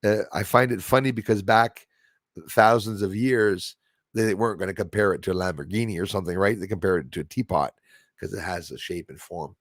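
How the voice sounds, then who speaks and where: Rambling man with a low, dry voice. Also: a little fast, dry recording. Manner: rambling, with many fillers and restarts. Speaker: host. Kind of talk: casual live-stream talk.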